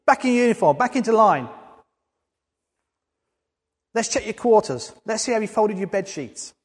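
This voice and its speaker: A man acts out a scandalised sergeant major bawling at a slovenly soldier. The voice climbs high and hard, each order barked. A long hall echo trails behind every shout. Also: animated, moderate pace, slightly rough. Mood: barking. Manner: barking orders. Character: shouting, horrified male army sergeant major.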